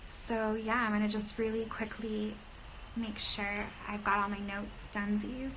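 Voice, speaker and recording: A woman's voice: mid-range voice, little pitch movement, measured pace, background noise. A woman hosting a casual spiritual livestream on her phone, breezy and chatty, swearing freely and saying "like" a lot. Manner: breezy, chatty and profane, with lots of "like". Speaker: livestream host. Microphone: phone camera on a live stream.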